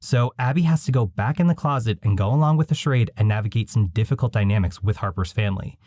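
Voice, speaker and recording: A man's voice: lowish voice, fast talker, a little mellow, dry recording. A man hosting a podcast, recapping films in a chatty, wry storytelling way. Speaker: podcast host. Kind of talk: casual podcast commentary.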